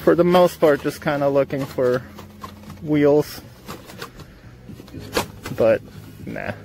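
A man hosts his vlog in a playful, rambling way, cracking jokes between remarks. His voice sits high for a man. He talks into a handheld camera in a big store. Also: slow, creaky, darkish tone, slight background noise. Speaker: host. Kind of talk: casual vlog chat. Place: big retail store aisle.

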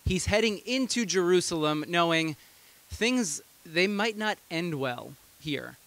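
Pastor, male, fairly high voice, relaxed storytelling sermon with amused asides, close and dry. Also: unhurried, dry recording.

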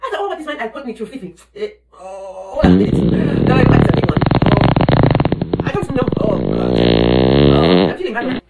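A woman plays a loud, crude mother, ranting and exclaiming at her daughter. Her voice rises and falls with lively swings. It sounds recorded in an echoey room, a little away from the mic. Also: rumbling low, normal speed, gravelly, far from the mic, over loud music, heavily acted. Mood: complaining. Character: loud bawdy middle-aged mother on the toilet. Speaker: comedic mother character. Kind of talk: comedy sketch acting.

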